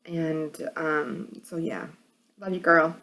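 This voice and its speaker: A woman's voice: deep voice, flat delivery, slow, a bit bright. A woman with a New York accent chatting casually as a vlogger, with a hard, edgy voice and a rambling way of talking. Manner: rambling, many fillers and restarts. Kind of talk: casual chat.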